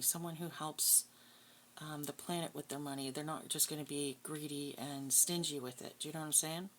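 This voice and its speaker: A woman's voice: deep voice, a little hiss or hum, low-quality recording. A woman giving a casual tarot reading, blunt, profane and scornful. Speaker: tarot reader.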